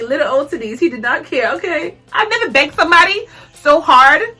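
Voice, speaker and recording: A woman's voice: high-pitched, animated, normal speed, pushed and bright. A young woman telling a personal story in a casual storytime vlog, laughing often and acting out what people said. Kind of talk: casual storytime while tweezing.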